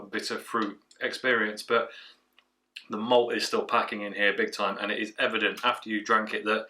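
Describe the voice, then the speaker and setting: A man's voice: fairly low pitch, pushed and bright, distant mic. A man giving a chatty, rambling craft beer tasting review. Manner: chatty, rambling, trails off with fillers.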